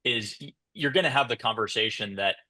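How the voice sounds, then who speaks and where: A man's voice: lowish voice, fairly quick, sharp tone. A man speaking on a conference panel about sales, thoughtful, with frequent restarts and hedges. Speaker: panelist, sales tech founder.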